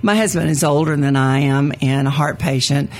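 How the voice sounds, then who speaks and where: An older woman, an educator, chatting and telling a story with animated quoted lines. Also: low-pitched, moderate pace. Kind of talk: conversational storytelling.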